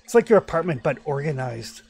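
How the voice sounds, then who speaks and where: Male game master, halting filler-laden narration of a horror campaign. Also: a little high, big pitch swings, vocal fry, darkish tone, breathy edge. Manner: hesitant, many fillers while describing. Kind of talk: running a tabletop horror game.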